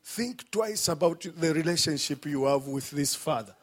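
A man preaching a sermon. He swings from shouted peaks to hushed, low passages and repeats phrases for emphasis. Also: animated, normal speed.

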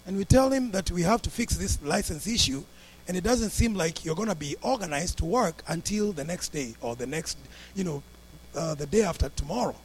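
High-voiced pastor telling an animated story. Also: male voice, fairly quick, slightly rough. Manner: animated, acts out the people in his story with big swings in pitch and loudness. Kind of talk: storytelling sermon.

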